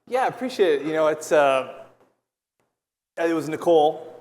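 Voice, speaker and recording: A man's voice: fairly high pitch, expressive, normal speed, a little mellow, a little hiss or hum. Earnest man telling a story on stage. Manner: earnest storytelling, reliving conversations. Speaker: hockey broadcaster. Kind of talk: personal story told on stage. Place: event stage before a live audience. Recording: long hall reverb from a live event.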